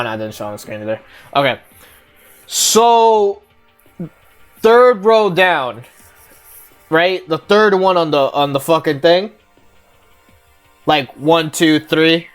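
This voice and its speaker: A woman streamer giving casual let's-play commentary, rambling, swearing and thinking aloud. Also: deep voice. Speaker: game streamer.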